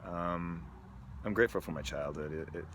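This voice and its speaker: A man talks in a candid personal video diary, reflective and halting, with many pauses. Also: deep voice, a bit bright, a little hiss or hum. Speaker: vlogger.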